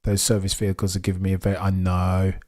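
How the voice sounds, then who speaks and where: A young man with a Birmingham accent, hosting a live race watchalong stream in a chatty, excitable way, answering viewers as he goes. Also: low-pitched, fast. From England. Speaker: livestream host. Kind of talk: casual live race commentary.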